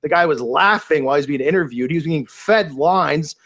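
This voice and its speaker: A man's voice: on the high side, normal speed, fairly bright tone. A man talking in a casual, unscripted monologue, rambling and incredulous, with many restarts and fillers. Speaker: video commentator.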